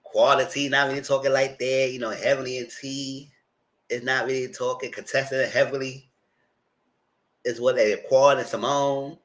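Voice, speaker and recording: Speaking in AAVE with a mid-range voice that barely shifts in pitch, this commentary host talks at a normal speed. His casual live recap is blunt and chatty, and he acts out what he told the cast.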